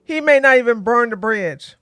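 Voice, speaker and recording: A woman's voice: on the high side, lively intonation, moderate pace, a bit bright, clean tone, no room sound, studio quality. Blunt, joking woman livestream host. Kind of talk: casual commentary and storytelling.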